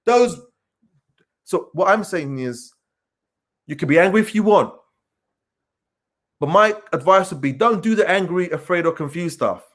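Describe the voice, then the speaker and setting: An earnest man speaking with a voice a little higher than most men's. He repeats his key points with emphasis and pauses often, in the manner of a motivational talk. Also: lively intonation, fairly bright tone. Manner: earnest, emphatic repetition with many pauses and fillers. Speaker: speaker addressing young people.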